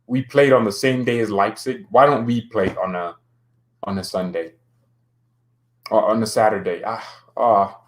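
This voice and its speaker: A man in a mid-range voice closes out his football video in a loose, rambling chat. He thinks aloud, restarts his sentences and jumps up into excited, mock-complaining outbursts. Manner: frequent restarts and sudden high exclamations. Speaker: football channel host. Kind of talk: casual rambling video outro.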